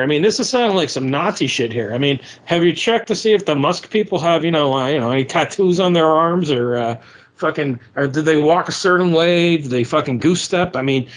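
A man's voice: on the high side, animated, brisk. Profane ranting male podcast host. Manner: ranting, profane, addresses listeners as folks. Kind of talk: casual podcast chat.

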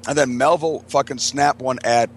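A man's voice: mid-range voice, fairly even intonation, normal speed, a little hiss or hum. A man, a podcast co-host, telling rambling, profane party stories to friends and laughing often. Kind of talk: casual storytelling among friends.

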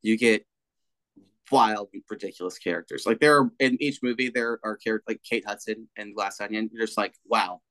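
A man's voice: on the low side, fairly quick, fairly bright tone, no room sound, rough recording. A man co-hosting a podcast, chatting casually and emphatically, swearing freely as he makes his points. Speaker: podcast co-host. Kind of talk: casual chat.

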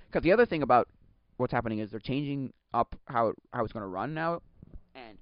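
A young man from Quebec talks in a loose, rambling way, often stopping mid-word to restart and sometimes breaking into exasperated rants. His voice sits at an ordinary middle pitch. The recording is dry and close but has a dull, lo-fi tone. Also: no echo. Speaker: podcast host. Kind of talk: casual chat. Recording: dull lo-fi sound.

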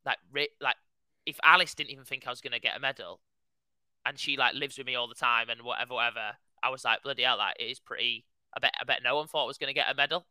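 A young man recounts a race to his podcast co-hosts, full of loose filler words and excited asides. His voice is strikingly bright and clean, and the close mic leaves almost no room sound. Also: mid-range voice, smooth, no room sound, low-quality recording. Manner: animated storytelling, heavy use of "like". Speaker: podcast co-host, runner. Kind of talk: casual chat.

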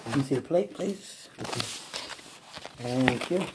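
A man chatting affectionately at home while eating, soft-spoken and often murmuring, in a casual intimate vlog. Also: mid-range voice, lively intonation, unhurried, very noisy.

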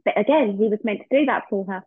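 A woman's voice: mid-range voice, fast talker, husky, no room sound. A woman, a podcast guest, telling a heartfelt personal story and acting out the remembered dialogue. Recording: tinny phone-like line, dry.

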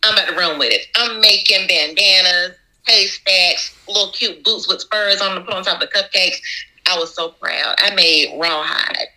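A woman from Georgia, a bakery owner as podcast guest, telling a story and acting out the dialogue with big jumps in pitch. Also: normal speed, pushed and bright, rough recording. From Augusta, Georgia. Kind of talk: animated storytelling.

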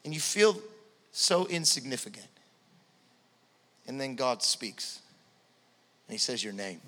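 A man in his thirties preaching a sermon, telling stories with animated swings from hushed to loud. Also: mid-range voice, unhurried. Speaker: pastor. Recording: long hall reverb.

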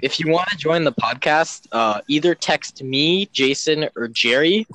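A man's voice: a little high, animated, a little slow, pushed and bright, rough recording. A teenage boy hosting a casual podcast with friends, telling stories in a rambling way. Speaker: podcast host. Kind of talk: casual chat.

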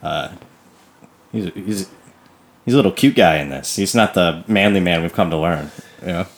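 A man, co-hosting a casual movie podcast in a wry, laid-back way. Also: low-pitched. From United States. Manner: wry, laid-back, quick to laugh along. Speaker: podcast co-host.

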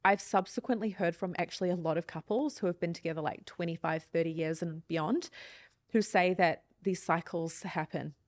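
A woman's voice: on the low side, moderate pace, no room sound. Earnest woman in her thirties, dry sound. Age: 30s. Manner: reflective, open and earnest. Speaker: podcast guest. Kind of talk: candid conversational storytelling.

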